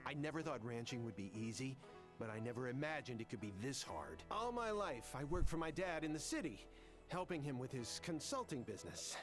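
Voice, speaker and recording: An actor playing a self-doubting young male rancher who grew up in the city, in voiced game dialogue. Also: on the high side. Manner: self-doubting, then excitable.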